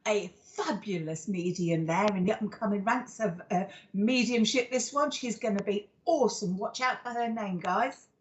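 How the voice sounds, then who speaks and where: A woman's voice: mid-range voice, moderate pace, few pauses, highs cut off, a little hiss or hum. A woman, a psychic medium hosting a live show, giving a card reading in an affectionate, rambling way full of fillers and endearments.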